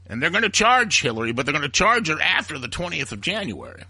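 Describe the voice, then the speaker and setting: Heated male talk radio host with a sharp, husky voice and lively, swinging delivery. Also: fairly high pitch, quick pace, dry recording, studio quality. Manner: ranting, heated, acts out quoted voices. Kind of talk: opinionated talk radio monologue.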